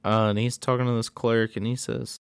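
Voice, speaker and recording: A man's voice: mid-range voice, brisk, creaky, clean tone, no room sound, clean studio sound. A man giving a casual, rambling, profane recap of a horror movie plot. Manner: rambling, profane, animated storytelling.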